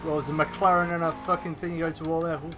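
A young man giving excitable live commentary on a racing game, swearing whenever things go wrong. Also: fairly high pitch, fast, background noise. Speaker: gaming YouTuber.

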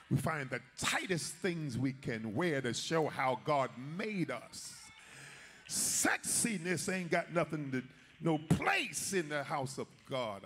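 A man's voice: a little high, a bit bright. A man, a bishop, preaching a sermon in a folksy way and speaking directly to the congregation.

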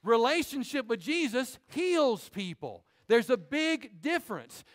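This is a sermon from a man with a high-pitched voice, a pastor preaching with animation in the sanctuary. He keeps turning to the congregation with brief asides.

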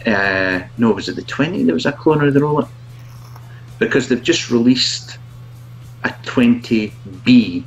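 Slow, low-voiced man reviewer. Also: lo-fi sound. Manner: halting, laughs often, self-mocking. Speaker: product reviewer, guest. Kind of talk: casual video chat.

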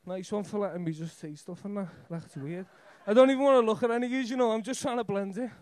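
A man's voice: high-pitched, quick pace, darkish tone, dry recording. A young man with a Liverpool Scouse accent doing a rambling, nervous stand-up set on a comedy club stage, swearing heavily as he talks into a stage mic. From Liverpool, England.

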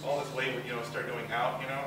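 With a medium pitch and little pitch movement, a young student comedian works through a rambling, self-deprecating set full of quick acted-out asides. The setting is a university talent show stage, recorded on a distant, very echoey hall mic under heavy background noise, crowd ambience, and audience laughter.

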